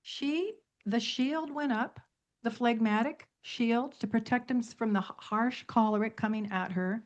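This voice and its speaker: A woman's voice: on the high side, moderate pace. A middle-aged woman, an author guesting on a radio talk show, telling stories emphatically and reeling off long lists. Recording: dull lo-fi radio audio.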